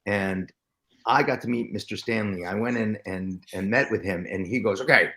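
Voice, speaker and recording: Male guest, lower pitch, excitable storyteller, stumbles and restarts often. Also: normal speed. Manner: excitable, with many restarts and acted-out quotes. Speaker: guest actor. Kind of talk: storytelling interview chat.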